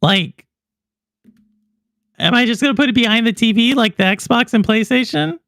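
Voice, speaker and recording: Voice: mid-range voice, moderate pace, gravelly, a bit bright, no echo, clean studio sound. A podcast host in casual chat about gaming news, rambling and answering viewers in the live chat. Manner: chatty and rambling, many fillers and asides to chat viewers.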